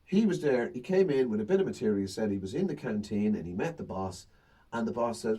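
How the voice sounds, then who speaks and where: A man's voice: fairly low pitch, brisk, husky, far from the mic. A man, a stand-up comedian, chatting casually and acting out his banter with audience members. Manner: animated storytelling, acts out crowd banter. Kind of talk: casual chat.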